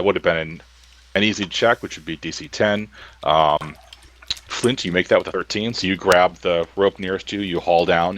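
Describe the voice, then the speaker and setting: Deep-voiced man running a tabletop game. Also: rough recording. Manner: relaxed, hesitant with many ums. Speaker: game master.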